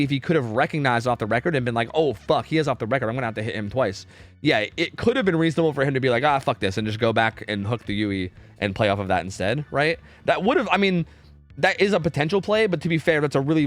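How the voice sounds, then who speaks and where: Chatty young male stream caster. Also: medium pitch. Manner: chatty, many fillers, reads chat aloud. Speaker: streamer casting game scrims. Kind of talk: casual live commentary. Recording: faint music behind.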